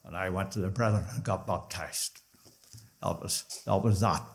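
A man's voice: low-pitched, moderate pace, gravelly. A man with a Northern Irish accent giving his personal testimony at a gospel meeting in a conversational storytelling way. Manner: conversational storytelling with lively rises. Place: gospel hall.

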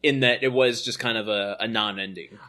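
A man's voice: lowish voice, steady tone, brisk, pushed and bright. A man co-hosting a podcast, easygoing and agreeable, often laughing along as they discuss a sitcom. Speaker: podcast co-host. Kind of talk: casual podcast chat.

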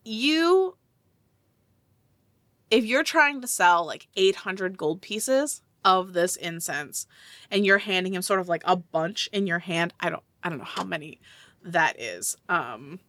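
A woman's voice: on the low side, animated, slow, fairly bright tone, no echo, clean studio sound. A woman running a tabletop game as game master, narrating and asking questions in a loose, rambling way. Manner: loose, rambling with fillers and restarts.

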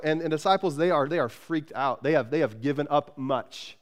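A pastor preaching a sermon, energetic and conversational, repeating words and swinging between loud emphasis and soft, tender passages. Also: male voice, a little high, quick pace, hardly any pauses.

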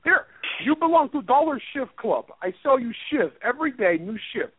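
A man's voice: very animated, normal speed, slightly rough, no room sound, full character voice. A man hamming up a boastful Russian mafia boss. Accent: exaggerated fake Russian. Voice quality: broken English, cartoonish. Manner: grandiose sales pitch. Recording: tinny phone line, dry.

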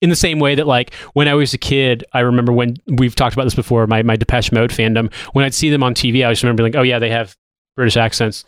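A man in his thirties chatting on a podcast at an average pitch. He rambles, restarts often, and swears offhandedly. The sound is dry and close. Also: fairly even intonation, fast talker, hardly any pauses, no echo. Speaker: podcast co-host. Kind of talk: casual chat.

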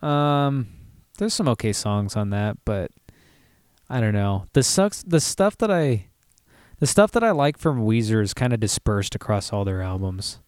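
A man's voice: lowish voice, very animated, unhurried, a little mellow, clear, resonant tone, no echo, clean studio sound. A man co-hosting a podcast, chatting casually about music and laughing often. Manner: laughs often, loose and playful. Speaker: podcast co-host.

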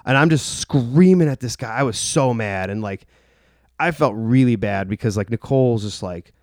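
A young man with a mid-range, slightly mellow, expressive voice tells a personal story at a moderate pace. His telling is rambling and profane, heavy with "like" and other fillers. The recording is studio quality with no room sound.

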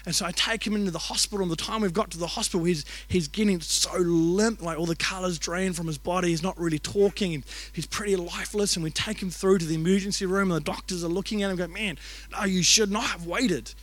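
A man's voice: high-pitched, fairly even intonation, fast, few pauses. A man preaching at a church service, telling a personal story in an earnest, conversational way, full of "like" and asides. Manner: conversational, earnest, heavy use of "like". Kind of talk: emotional storytelling sermon.

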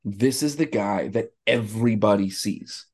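A man co-hosting a podcast, chatting casually about sports in a rambling, animated way with many restarts. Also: on the low side, a little slow, slightly rough. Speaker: podcast co-host.

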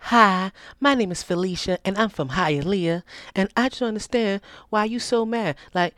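A woman's voice: medium pitch, normal speed, fairly bright tone, dry recording, studio quality, lightly acted. A woman doing a puzzled young caller.

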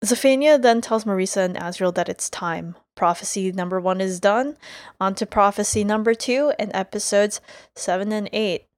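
A woman's voice: mid-range voice, normal speed, no echo. Chatty woman co-host, dry close sound. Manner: chatty, hedging with fillers. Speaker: podcast co-host. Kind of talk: casual recap chat.

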